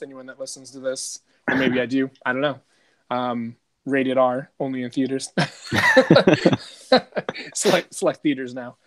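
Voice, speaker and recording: A man with a middle-pitched voice co-hosts a loose, casual podcast conversation. He rambles and swears freely, sprinkling in "dude" and "like", and his delivery is relaxed and unpolished.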